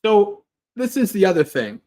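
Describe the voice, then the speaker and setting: High-voiced monk talking casually. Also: male voice, sing-song, moderate pace, a little mellow. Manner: rambling and earnest, with frequent restarts and light laughs. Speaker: Buddhist monk hosting a livestream. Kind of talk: casual Dharma talk and Q&A.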